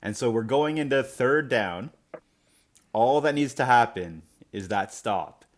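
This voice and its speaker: A man's voice: mid-range voice, lively intonation, measured pace. A man co-hosting a podcast in casual chat, building suspense step by step as he recounts events. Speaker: podcast co-host.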